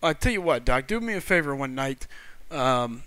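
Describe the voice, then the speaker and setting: Chatty Missouri man, bright crisp voice. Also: mid-range voice, lively intonation, normal speed, no echo. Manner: chatty, friendly, reads viewer comments aloud. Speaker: streamer hosting a live game stream. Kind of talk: casual live-stream chat.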